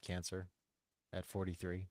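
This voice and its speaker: A man co-hosting a podcast, making quiet offhand asides on a live stream. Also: low voice, completely flat delivery, a little slow, no room sound, clean studio sound. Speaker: podcast co-host. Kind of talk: casual livestream chat.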